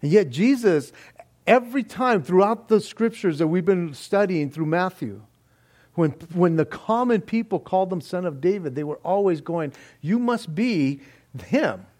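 A man's voice: high-pitched, expressive, unhurried, a little mellow. A middle-aged man preaching an expository sermon, reading scripture aloud with earnest emphasis. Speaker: pastor.

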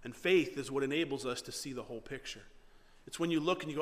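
A male pastor preaching a sermon and retelling scripture with animated, dramatic storytelling. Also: medium pitch, fast, long reverb tail.

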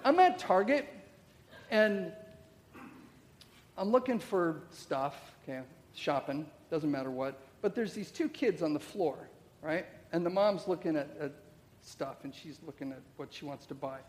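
Preaching in a church hall whose long reverb lingers on each phrase, a middle-aged pastor speaks in a high yet darkish-toned, expressive voice, with a little hiss or hum in the recording. His sermon is casual and chatty, packed with rhetorical questions and frequent "okay?" checks.

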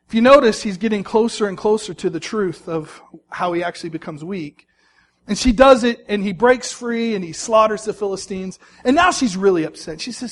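High-voiced man preaching a sermon. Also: normal speed. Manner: storytelling, lively swings between loud emphasis and soft, low asides.

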